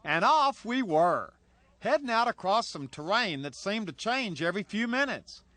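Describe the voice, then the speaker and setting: A man's voice: high-pitched, sing-song, normal speed, pushed and bright, no room sound. A man narrating a scripted travel voice-over with an upbeat storytelling manner.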